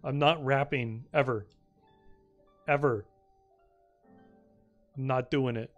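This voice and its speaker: A young man streaming a video game and commenting casually, excitable and rambling, swearing often and filling his speech with "like". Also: mid-range voice, slow, lo-fi sound, faint music behind.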